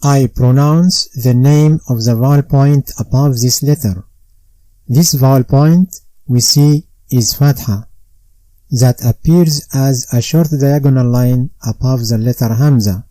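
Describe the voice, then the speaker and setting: A man guiding learners through a recitation lesson, speaking slowly and carefully. His voice is mellow and warm, recorded dry and close with no room sound. He repeats each drill sound twice so that it sinks in. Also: mid-range voice, no room sound, poor audio. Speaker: Quran recitation teacher. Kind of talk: step-by-step instructional narration.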